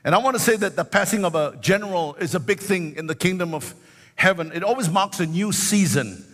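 This sixties-aged pastor's sermon is fervent, expressive and fairly quick, his high, bright tone stretching important words upward in a sing-song way. Hallelujahs keep breaking in, and the audio echoes with the long reverb of a big hall.

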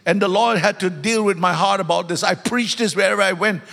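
A man's voice: high-pitched, fairly quick, gravelly, sharp tone. A man preaching a sermon in a church, emphatic and fond of repeating key words, calling out to his congregation and slipping in joking asides. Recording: long hall reverb.

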